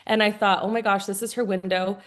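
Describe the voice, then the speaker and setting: A woman who leads a sales team talks on a group video call, chatty and effusive, with lots of fillers and restarts. Her voice is medium-pitched and steady, and she speaks a little fast.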